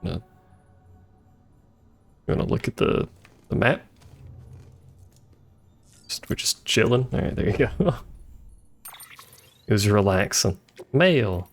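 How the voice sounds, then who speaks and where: A man's voice: fairly low pitch, sing-song, slow, long pauses. A man streaming a game, giving casual, joking commentary and chatting with viewers. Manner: joking, chatty, talks to chat. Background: faint game music.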